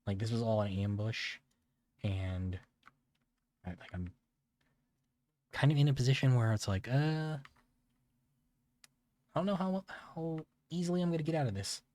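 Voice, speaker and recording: A man streaming a video game, talking in a laid-back, halting way with many fillers. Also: medium pitch, lively intonation, a little mellow, no room sound. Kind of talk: casual gameplay commentary.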